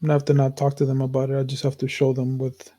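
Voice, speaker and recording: Man, podcast co-host, earnest, searching, repetitive, swears, mellow tone, flat pitch. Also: quick pace. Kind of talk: casual heartfelt conversation.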